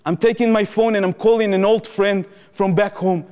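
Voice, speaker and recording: A man's voice: high voice, steady tone, normal speed, a little mellow, clean tone. Israeli man telling a story in a hall. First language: Hebrew. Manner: vivid first-person storytelling in present tense, acting out voices. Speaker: speaker at a public talk. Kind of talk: storytelling talk. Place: lecture hall before an audience. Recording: reverberant hall.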